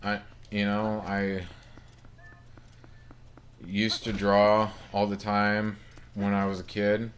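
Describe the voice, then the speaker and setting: A man's voice: on the low side, monotone, slow, long pauses. A man giving casual gameplay commentary, rambling and apologetic, often putting himself down. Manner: rambling, apologetic, self-deprecating. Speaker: let's play gamer.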